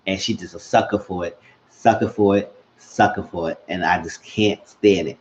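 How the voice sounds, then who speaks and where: Animated man recapping a TV episode. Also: low-pitched, moderate pace, lo-fi sound, a little hiss or hum. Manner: animated, acts out characters' lines. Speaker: show recap vlogger.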